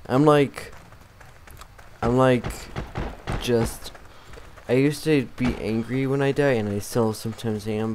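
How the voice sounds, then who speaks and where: A man giving casual, rambling commentary while playing a game, poking fun at himself and getting excitable. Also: on the low side. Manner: rambling, self-mocking, excitable. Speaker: gamer. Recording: noticeable background noise.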